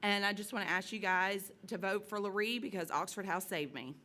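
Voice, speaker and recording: A woman's voice: mid-range voice, fairly quick, pushed and bright, a little hiss or hum. A woman from Alabama giving a candid, emotional campaign speech close to tears at a podium in a convention hall. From Alabama, USA. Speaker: campaign speaker.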